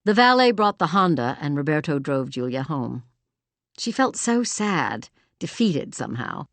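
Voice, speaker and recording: A woman narrating a romance audiobook in an expressive storytelling manner, also speaking the heroine's lines. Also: sits low, unhurried, dry recording. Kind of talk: scripted narration.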